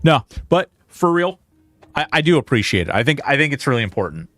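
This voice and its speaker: A man's voice: medium pitch, very animated, a little fast, fairly bright tone, no room sound, faint music behind. A man streaming a video game, talking in an earnest, rambling way into a headset. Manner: earnest, rambling, with many restarts. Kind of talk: livestream chat and game commentary.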